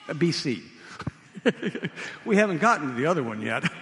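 A man preaching a sermon, retelling a story in a vivid, animated way. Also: fairly high pitch, normal speed, long reverb tail, a little hiss or hum.

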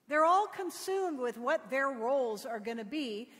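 A middle-aged woman pastor giving a sermon, telling stories with gentle humor. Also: high voice, lively intonation, unhurried, hardly any pauses. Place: church. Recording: long reverb of a church.

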